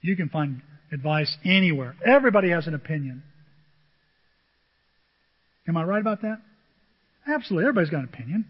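A pastor delivers a sermon to his congregation, his husky voice sitting slightly high for a man. He presses his points with repeated phrases and questions thrown out to the pews. The sound is dull and lo-fi, with a long reverb trailing through the church hall. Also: big pitch swings, quick pace, long pauses. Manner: preaching with rhetorical questions and repetition.

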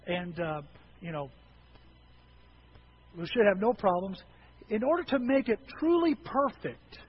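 A man's voice: high voice, dull audio, slight background noise. A man preaching a humorous sermon, telling folksy stories and jokes to a congregation.

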